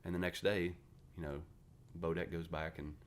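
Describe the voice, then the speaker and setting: Low-voiced West Virginia man, 40s, gruff profane raconteur, podcast guest. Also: normal speed, a little hiss or hum. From West Virginia, USA. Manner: blunt, profane, animated storyteller. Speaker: podcast guest, retired Marine. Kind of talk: casual interview storytelling.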